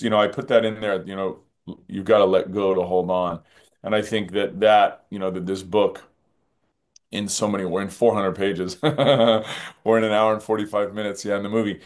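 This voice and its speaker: A man with a fairly low voice speaks as a guest in a reflective interview. His delivery is earnest and musing, and he circles back to repeat key phrases. He often restarts sentences as he talks. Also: darkish tone. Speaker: film director, interview guest.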